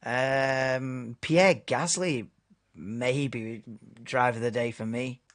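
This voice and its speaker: A man in casual live-stream chat, talking over a race broadcast in a relaxed, chatty way. His voice sits at an ordinary middle pitch. He comes across as an easygoing host. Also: slow pace. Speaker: streamer hosting a race watchalong.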